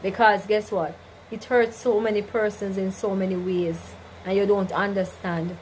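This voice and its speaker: Speaking at a moderate pace, the woman has a medium-pitched, somewhat dark voice that barely moves in pitch, captured in a low-quality recording with slight background noise. She runs a casual livestream chat, reading comments from viewers and preaching faith-centered advice, peppered with "you understand?" and "right?".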